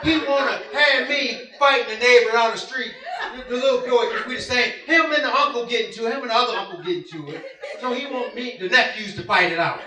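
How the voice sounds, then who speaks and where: A man preaching a sermon, telling an animated personal story, acting out voices and laughing often. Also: very high-pitched, quick pace, distant mic. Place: church. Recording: roomy hall heard from afar.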